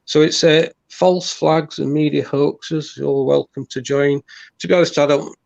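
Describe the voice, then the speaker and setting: A man, a guest in a casual chat, talking bluntly and rambling with halting restarts. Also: on the high side, fairly even intonation, vocal fry, darkish tone, dry recording, dull audio.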